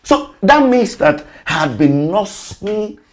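An actor playing a bitter husband who turns scornful and accusing. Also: male voice, high-pitched, sing-song, takes it slowly, full character voice. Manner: scornful, then panicked. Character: bitter accusing husband, middle-aged man.

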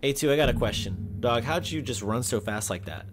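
A man giving casual joking commentary while playing a horror game, talking to his viewers with sudden yelps and shouts. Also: medium pitch, expressive, brisk, noisy background. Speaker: gaming video host. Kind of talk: casual let's-play commentary.

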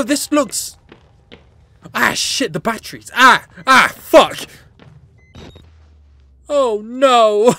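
A woman's voice: medium pitch, unhurried, long pauses, no room sound. A woman hosting a horror game let's play, jumpy and joking, swearing freely and talking back to the characters on screen. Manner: animated and joking, laughs often. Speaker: gaming channel host.

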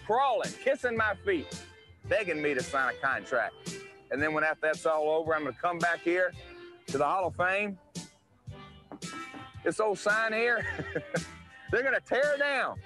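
A man's voice: high-pitched, voice pushed up. A man with a Tennessee accent playing a boastful, mocking country-singer wrestler in a twangy promo voice. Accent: Southern US (Tennessee). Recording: archival clip with loud guitar music.

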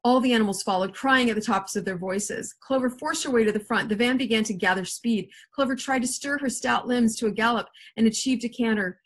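A woman's voice: a little high, brisk, hardly any pauses. A woman English teacher reading a novel aloud to her class, expressively, with small slips and restarts.

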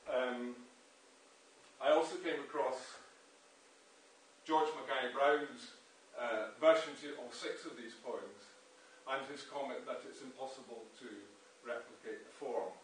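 A man giving a poetry reading and talk, reading verse slowly and with weight, then explaining with many ums and restarts. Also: medium pitch. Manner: reads verse slowly with strong emphasis, explains with many fillers. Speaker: poet and translator giving a reading. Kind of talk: public reading and lecture on poetry. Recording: very echoey room, distant mic, faint noise.

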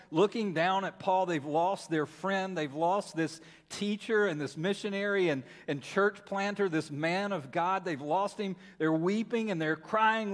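Preaching man with a lively storytelling swing. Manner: dramatic storytelling, repeats words, rises and falls in pitch and volume. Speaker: pastor. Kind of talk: sermon. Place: church sanctuary. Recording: long hall reverb.

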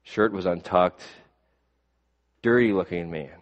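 Pastor guy reading a story in a sermon, lowish voice, long church echo. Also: highs cut off. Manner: measured storytelling, drops soft at line ends. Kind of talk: sermon with a read-aloud story. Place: church sanctuary. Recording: long reverb of a church hall.

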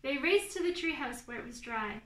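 A woman storyteller reading a picture book to preschoolers, expressive and asking the children questions along the way. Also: high voice, moderate pace, reverberant, distant mic.

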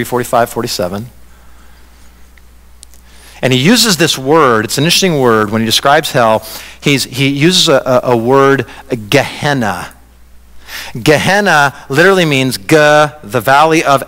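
Bright-voiced pastor preaching in an echoey church. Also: male voice, mid-range voice. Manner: conversational preaching, animated, acts out quoted voices. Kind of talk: sermon. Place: church sanctuary. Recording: reverberant church hall.

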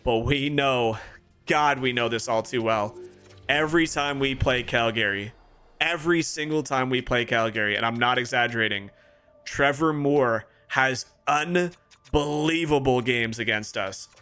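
A young man streaming a hockey video game, calling the plays like a sportscaster and reacting with excited outbursts. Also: mid-range voice, a little slow. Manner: excitable play-by-play, rising to shouts. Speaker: gaming streamer. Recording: music playing clearly behind.

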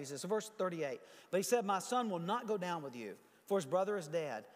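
A high-voiced male pastor delivers a sermon in a conversational way, reading scripture and stopping often to comment to his congregation. His voice carries a long reverb from a large church sanctuary. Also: expressive, brisk.

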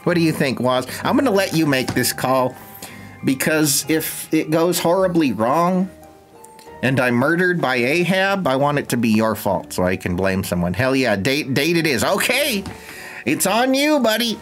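A man's voice: fairly high pitch, big pitch swings, normal speed, faint music behind. A young man streaming a life-sim game, with casual, sarcastic, jokey commentary and frequent swearing.

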